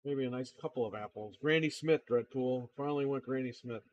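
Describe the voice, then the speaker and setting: A man's voice: medium pitch, a little fast, highs cut off. A man hosting a casual livestream, telling blunt, profane, exasperated stories about customers. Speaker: livestream host and console repair seller.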